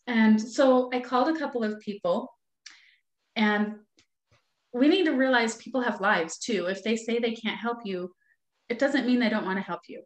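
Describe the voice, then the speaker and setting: A woman in her forties, an author and mother appearing as a guest, tells a personal story earnestly and animatedly. Her voice is on the high side at a moderate pace, and the recording has a roomy echo.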